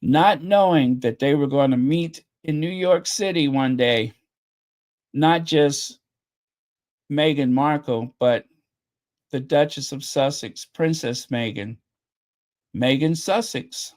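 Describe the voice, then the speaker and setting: Emotional slow-talking man host. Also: a little high, a little mellow. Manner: chatty, openly emotional, repeats phrases. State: voice getting strained. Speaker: channel host reacting to video clips. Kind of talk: casual reaction commentary.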